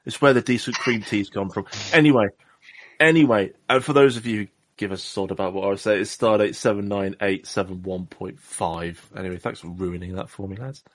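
A man's voice: on the low side, steady tone, a little fast, dry recording. A man from Southwest England, hosting a casual podcast chat in a rambling, jokey, self-deprecating way. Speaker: podcast host.

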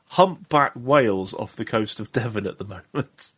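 A man's voice: on the low side, lively intonation, normal speed, a bit bright, husky, no room sound. A man, hosting a podcast in a jokey, rambling, self-deprecating way. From Southwest England. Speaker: podcast host. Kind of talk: casual chat.

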